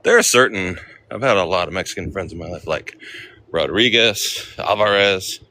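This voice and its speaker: Deep-voiced guy livestreaming outside, bright edge to his voice, bit of hiss behind. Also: moderate pace. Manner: chatty, reads names aloud, greets viewers. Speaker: vlogger. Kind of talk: casual livestream walk-and-talk. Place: outdoor cemetery.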